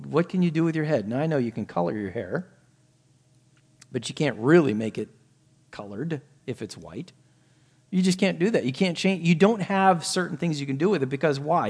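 A man preaching a sermon, earnest, swinging from quiet asides to emphatic raised points. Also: a little high, expressive, normal speed, slightly rough.

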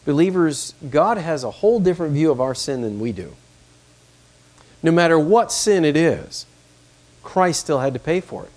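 A male pastor preaching, his voice sitting a touch high for a man. He presses his points with growing emphasis and reads scripture aloud as part of the sermon. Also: lively intonation, normal speed, a little mellow.

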